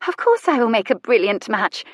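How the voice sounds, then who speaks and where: A woman's voice: fairly high pitch, very animated, a little fast, no room sound, studio quality, voice pushed up. A woman voicing a prim, easily flustered young society lady who speaks with indignant primness, in an audiobook character voice.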